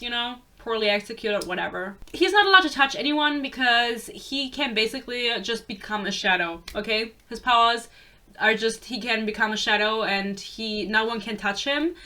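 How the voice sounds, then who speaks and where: A woman's voice: a little high, pushed and bright. Ranting young woman. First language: German. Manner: exasperated, sarcastic, swears freely. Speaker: book reviewer. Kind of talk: casual book rant.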